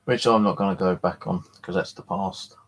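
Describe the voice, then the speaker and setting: A man's voice: low-pitched, fairly even intonation, normal speed, husky. Rambling man on a live stream. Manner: rambling, jokey, swears freely. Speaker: live streamer and paranormal channel host. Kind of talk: casual live-stream chat. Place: at home in his flat.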